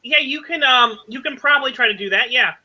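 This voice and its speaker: A man running a tabletop game as game master, explaining rules haltingly with many fillers. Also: very high-pitched, bright, forceful tone, lo-fi sound.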